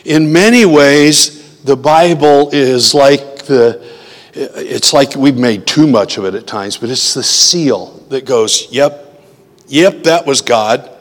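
Speaking slowly at a medium pitch, a man delivers a sermon in a conversational style, frequently putting questions to his listeners. A long hall reverb hangs on the recording.

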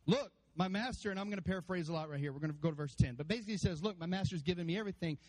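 A man preaching a sermon to his church, animated, acting out voices and calling out to the congregation. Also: high-pitched, rapid-fire, poor audio. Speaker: pastor. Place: church sanctuary.

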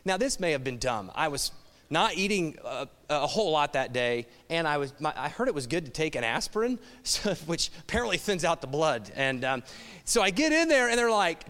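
A man's voice: on the high side, sing-song, normal speed, a bit bright. A middle-aged man, a pastor, telling a wry, self-mocking story in a sermon. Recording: long hall reverb.

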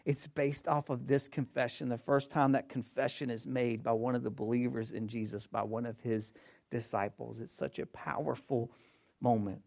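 A man preaching a sermon as pastor, emphatic, repeating key phrases and swinging between hushed and loud delivery. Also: mid-range voice, fairly even intonation, moderate pace, vocal fry.

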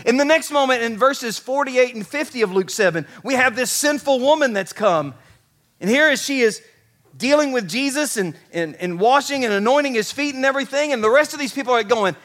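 A man with a notably high, light voice preaches to his congregation. He tells the story with animated energy, acting out what the biblical figures say, then drops to soft, slow words for emphasis. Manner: animated, acts out biblical characters' lines. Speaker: pastor. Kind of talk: sermon.

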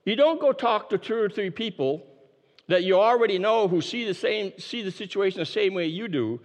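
A man preaching a sermon, emphatic and repeating his key phrases, dropping his voice low to stress a point. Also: expressive, moderate pace, big-room sound. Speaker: pastor.

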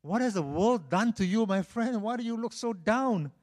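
A man doing a baffled, high-voiced friend. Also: lively intonation, moderate pace, darkish tone. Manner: incredulous, raised voice. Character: puzzled man questioning a sad old friend.

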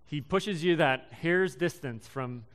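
A young man in his twenties giving a casual sermon, halting and full of ums and restarts. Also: on the high side, fairly bright tone. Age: young adult. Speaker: preacher.

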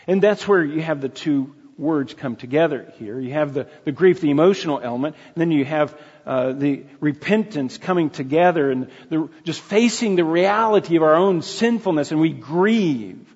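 A man preaching a sermon in an earnest, halting way, often restarting his sentences. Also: a little high, a little mellow, husky. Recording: dull lo-fi sound in a reverberant hall.

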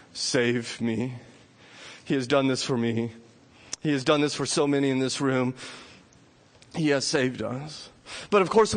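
A male pastor delivers a sermon in a slightly high voice. He moves from hushed, drawn-out passages to loud, urgent appeals. He speaks to a church congregation. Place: church sanctuary.

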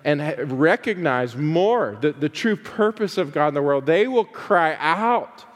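A male pastor preaching a sermon, casual asides with "uh" fillers that build to fervent, drawn-out emphasis. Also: fairly high pitch, lively intonation, long reverb tail. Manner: conversational asides with frequent "uh" fillers.

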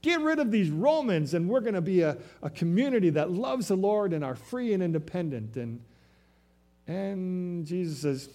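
A man preaching a sermon, telling a story in an animated way that swings from loud to soft. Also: high-pitched, normal speed. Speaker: pastor.

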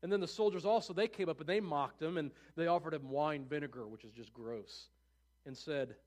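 A man's voice: fairly high pitch, lively intonation, brisk. A man preaching, reading scripture aloud and breaking in with casual, offhand comments.

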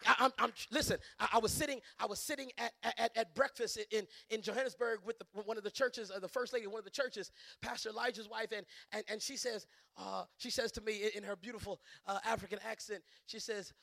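A middle-aged man preaching a sermon as a bishop, impassioned, surging to loud emphatic peaks, with stammering restarts and repeated words. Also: sits high, fairly even intonation, quick pace, gravelly, hardly any pauses, no room sound.

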